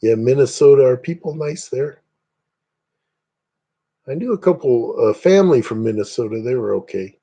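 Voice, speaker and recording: A man's voice: medium pitch, expressive, moderate pace, pauses often, dark tone, slightly rough, muffled recording. A man from Indiana hosting a casual livestream, rambling chattily and greeting viewers by name. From Northeast Indiana, USA. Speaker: livestream host.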